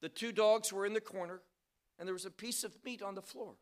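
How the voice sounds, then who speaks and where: A man preaching a sermon, asking the audience questions and swinging from quiet asides to loud, stressed points. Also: high voice, steady tone, a little fast.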